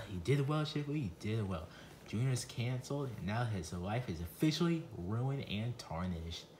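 A man voicing a sly, grudge-holding adult chef puppet with a low, deadpan delivery in a crude comedy skit. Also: normal speed, a little hiss or hum, lightly acted. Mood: smug.

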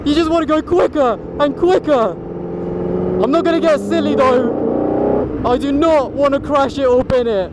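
A man's voice: extremely high pitch, normal speed. A man giving breathless, exclaiming commentary while driving a race car. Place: in a racing car cockpit on a track. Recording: loud engine noise.

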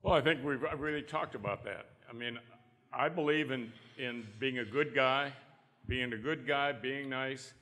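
An older trial lawyer on a conference panel tells folksy anecdotes, acting out the quotes as he goes. His mid-range voice is unhurried with a sharp tone, and the hall adds a long reverb.

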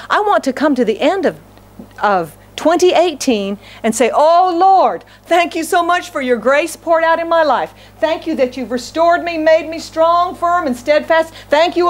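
High-voiced woman pastor preaching emphatically. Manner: animated, emphatic, rising exclamations and repeated phrases; speaks quickly with frequent restarts. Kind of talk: sermon.

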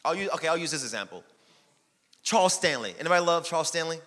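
Male pastor, bright forceful tone, fairly high voice, joking, shouts at times, church hall reverb. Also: fast. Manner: energetic, shouting bursts and joking asides. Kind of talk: sermon. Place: church sanctuary.

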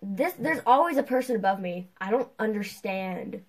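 Excitable young woman chatting over gameplay. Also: mid-range voice, normal speed, low-quality recording. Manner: chatty, excitable, self-mocking. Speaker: gamer. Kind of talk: casual gameplay chat.

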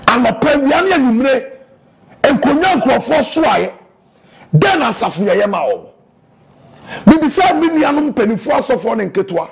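Fervent Ghanaian preacher man, gravelly voice. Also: extremely high pitch. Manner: fervent preaching, switching between English and Twi. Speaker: pastor. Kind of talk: sermon.

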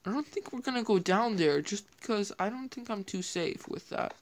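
A woman talks through her gameplay in a loose, rambling way, thinking aloud as she goes. Her voice sits at a middling pitch, and she keeps it casual. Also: lively intonation, moderate pace. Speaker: gameplay video host.

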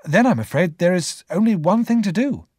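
A man doing an excitable young friend. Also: high-pitched, moderate pace, husky, no echo, studio quality, pitched above the performer's own voice. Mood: earnest. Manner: warm and excitable. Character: cheerful young male friend.

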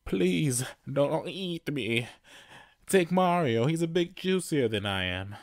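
A man's voice: on the high side, big pitch swings, slow pace, voice pushed up. A man voicing a timid, nervous male plumber who is the younger brother, in a jittery manner.

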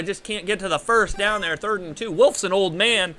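Over music, a man with a high voice gives jokey, excitable play-by-play on a video game alongside a friend, talking at a moderate pace and shouting on big plays.

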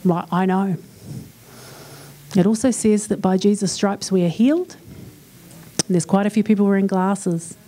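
This church conference speaker, a woman with a New Zealand accent, acts out short dialogues while chatting through a lighthearted talk. Her mellow, medium-pitched voice moves a little fast.

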